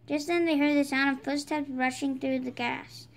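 A woman reading a children's picture book aloud, brightening her voice for the characters' lines. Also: high voice, steady tone, moderate pace, vocal fry. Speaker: storybook reader. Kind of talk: children's read-aloud narration.

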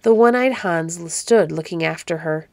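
A woman reading a classic storybook aloud as narrator, measured and expressive. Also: fairly low pitch, dry recording.

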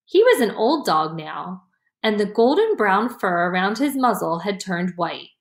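A woman reads a children's chapter book aloud at an unhurried, deliberate pace. Her gentle, expressive pitch rises and falls freely, and the room lends her voice a noticeable echo. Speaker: audiobook reader. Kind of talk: slow storybook narration. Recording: roomy echo.

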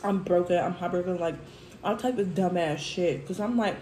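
A woman's voice: lowish voice, moderate pace, echoey room, background noise. A woman speaking who vents about work in a heated, profane storytime chat, tearful at times. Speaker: food vlogger.

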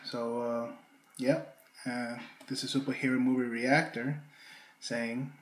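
A man with a sore throat, hosting a reaction video and talking in a halting way with many fillers. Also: mid-range voice, flat delivery, a little hiss or hum. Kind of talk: casual reaction commentary. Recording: echoey room.

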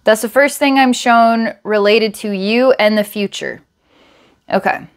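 Hesitant woman giving a psychic reading. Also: a little high. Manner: halting, searching, many fillers and repeats. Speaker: psychic reader.

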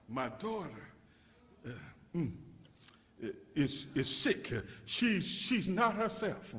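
A male pastor preaching a sermon, restarting words in stammering repeats and rising to shouts as he calls out to his congregation. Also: high voice, very animated, takes it slowly, pauses often. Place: church sanctuary. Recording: long reverb of a church hall.

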